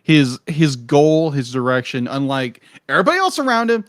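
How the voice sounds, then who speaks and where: A man's voice: a little high, sing-song, moderate pace, no room sound, studio quality. A man co-hosting a live stream, chatting casually and agreeably about a film, now and then slipping into goofy voices. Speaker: podcast co-host. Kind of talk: casual film review chat.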